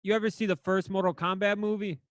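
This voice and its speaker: Young man, crude joker, high-ish and bouncy, smooth dry voice. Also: little pitch movement, fast, no room sound. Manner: crude joking, laughs often. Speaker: podcast co-host. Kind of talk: casual chat.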